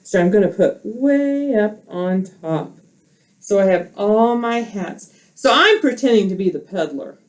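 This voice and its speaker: A woman teacher telling a children's story at home and explaining it while she acts it out, recorded on a camera. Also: mid-range voice. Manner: slow, animated, teacherly explaining. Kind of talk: storytelling role play for children.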